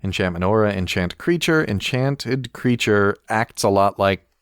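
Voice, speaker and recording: A low-voiced man chats wryly on a podcast, chuckling as he reads card text aloud. The recording is dry and close, with no room sound. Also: lively intonation, unhurried, fairly bright tone, clear, resonant tone, no echo. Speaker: podcast co-host. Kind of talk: casual chat reviewing game cards.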